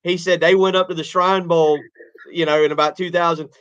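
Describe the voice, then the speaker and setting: A man's voice: on the high side, flat delivery, a little fast, a bit bright, smooth. Man on dull lo-fi audio. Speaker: sports talk panelist. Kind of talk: casual sports talk.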